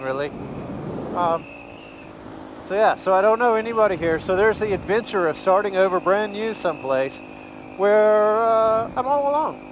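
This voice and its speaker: A man's voice: high voice, background noise. A man, from Alabama, rambling and joking in a casual vlog while driving his car. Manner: chatty, rambling, jokey, laughs easily. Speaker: vlogger.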